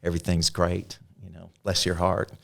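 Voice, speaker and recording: Fifties man, very low pitch, playful storytelling guest. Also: completely flat delivery, moderate pace, gravelly, a bit bright, slight background noise. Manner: playful, jokey mimic. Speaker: podcast guest, speaker. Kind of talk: conversational storytelling.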